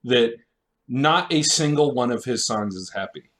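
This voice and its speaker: Animated young man, casual podcast chat. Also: a little slow. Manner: animated, laughing, swearing, jumps into falsetto jokes. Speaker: podcast co-host.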